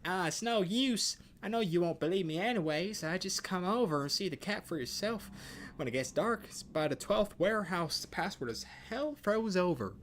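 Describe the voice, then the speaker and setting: A man putting on an excited little girl's voice. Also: high voice, moderate pace, slight background noise, voice pushed up. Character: excited chatty young girl, a small townsfolk child.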